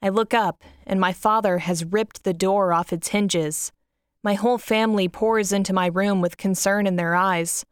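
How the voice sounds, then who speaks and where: A woman's voice: medium pitch, fairly even intonation, normal speed, clear, resonant tone, no room sound, clean studio sound. Woman reading a mournful first-person story. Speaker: narrator. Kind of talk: first-person audiobook narration.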